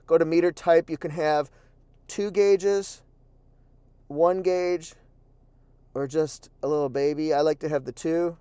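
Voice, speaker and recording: Man, high-ish voice, playful and excitable car reviewer talking from inside a truck cab. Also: unhurried, pauses often, clean tone, dry recording. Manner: excitable, playful, exclaims and repeats phrases. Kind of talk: casual product walkaround. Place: inside a pickup truck cabin.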